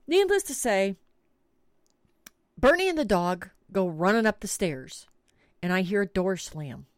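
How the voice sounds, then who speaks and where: Animated, slow-talking woman storyteller. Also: mid-range voice, no room sound, studio quality. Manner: animated, swears freely, dramatic retelling. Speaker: podcast host. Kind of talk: comic storytelling.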